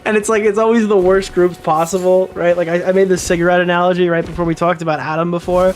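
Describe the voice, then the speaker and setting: A man casually commentating on his livestream, rambling excitably with lots of swearing. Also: high voice, fast talker.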